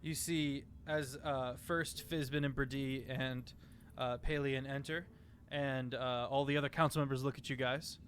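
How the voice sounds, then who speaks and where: A man's voice: mid-range voice, steady tone, a little slow, fairly bright tone, soft background music. A man narrating as game master of a tabletop game, hesitant, with many fillers.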